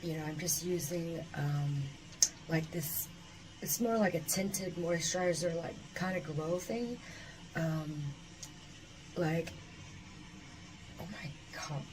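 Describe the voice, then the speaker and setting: A woman talking to her phone camera at home, excited and profane, rambling with lots of fillers. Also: low voice, takes it slowly. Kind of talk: casual selfie vlog. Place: indoors at home. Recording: noisy phone recording.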